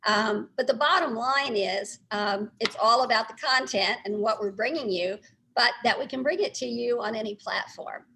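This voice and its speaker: A middle-aged woman from Texas with a Texan accent softened by New York, answering interview questions in a friendly way with many ums and uhs. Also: fairly high pitch, normal speed, slight background noise, low-quality recording. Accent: Texan blended with New York. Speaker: newspaper publisher, guest.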